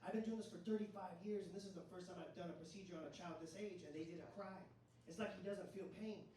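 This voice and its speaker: Man doing a calm veteran doctor. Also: high voice, pitched below the performer's own voice, close to an everyday voice. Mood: reassuring. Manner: soothing, measured. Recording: echoey room, distant mic, noisy.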